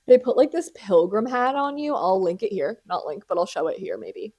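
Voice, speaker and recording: A woman's voice: mid-range voice, normal speed, dark tone, slightly rough. A young woman hosting a podcast, telling a story in casual chat, dramatic and profane, laughing often. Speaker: podcast host.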